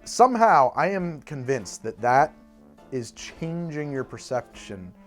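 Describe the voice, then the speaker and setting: A man's voice: mid-range voice, measured pace, soft background music. A man hosting a cocktail show, chatting casually as he mixes and tastes drinks, rambling and restarting his sentences. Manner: rambling and animated, trailing off and restarting. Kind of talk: casual chat while mixing drinks.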